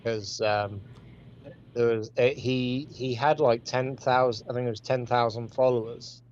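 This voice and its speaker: A man with a British accent chatting casually as co-host, rambling and halting with many fillers over dull lo-fi call audio. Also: medium pitch, steady tone, a little mellow, a little hiss or hum. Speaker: podcast co-host. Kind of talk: casual group chat.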